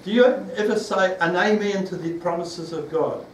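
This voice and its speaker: New guy preaching, voice a bit high, keeps restarting and quizzing the crowd, roomy echo, faint hiss behind. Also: normal speed. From New Zealand. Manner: rambling, with restarts and questions to the congregation. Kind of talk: sermon. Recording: echoey room, from far off.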